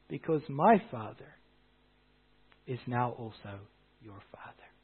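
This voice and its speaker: High-voiced preacher on a tinny line. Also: male voice, husky. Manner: earnest preaching, swelling louder on key phrases. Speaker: pastor. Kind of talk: sermon. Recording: tinny phone-like sound.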